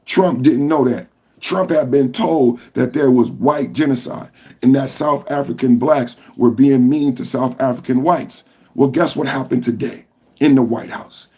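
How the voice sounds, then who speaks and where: A man hosting a political commentary podcast, talking with passion and profanity and at times rising to shouts. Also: medium pitch, unhurried, husky. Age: adult with a school-age son. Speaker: podcast host.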